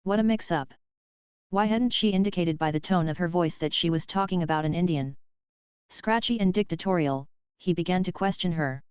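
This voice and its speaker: Woman narrating a classic novel, steady and measured, lower voice, super clean. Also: clean tone, no echo. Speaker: audiobook narrator. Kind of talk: scripted narration.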